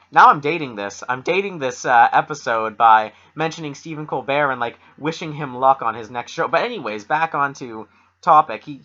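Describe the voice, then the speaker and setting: A young man co-hosting a loose podcast, rambling through his points and drifting into jokes. His voice is bright and forceful, at a middle pitch for a man. The sound is muffled, like a cheap podcast mic. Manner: rambling, full of fillers and restarts, joking. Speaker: podcast co-host. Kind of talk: rambling casual chat.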